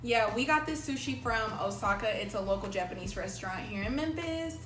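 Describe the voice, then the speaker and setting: A woman's voice: mid-range voice, lively intonation, fairly quick. A woman hosting a casual mukbang vlog, chatting with the viewers and calling them y'all. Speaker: vlog host. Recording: echoey room with music.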